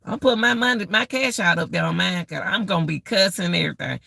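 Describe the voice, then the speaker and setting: A woman's voice: lowish voice, fast, creaky, bright, forceful tone, breathy edge, dry recording. A middle-aged woman hosting a casual live-stream rant, exclaiming and repeating herself as she talks straight to her viewers.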